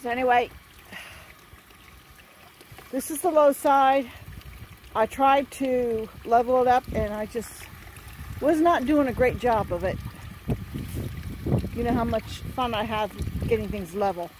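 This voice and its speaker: A woman homesteader talking casually outdoors at her barn, chatting about the water setup and cooing to her animals in a higher sing-song voice. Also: a little slow, pauses often, background noise. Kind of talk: casual farm vlog chat. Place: outdoors at a barn and livestock run.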